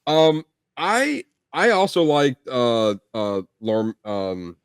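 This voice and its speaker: A man's voice: mid-range voice, big pitch swings, drawn-out words, smooth, dry recording, clean studio sound. A young man co-hosting a film review podcast, chatting casually and rambling with plenty of fillers. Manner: rambling, lots of "like" and restarts. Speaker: podcast co-host.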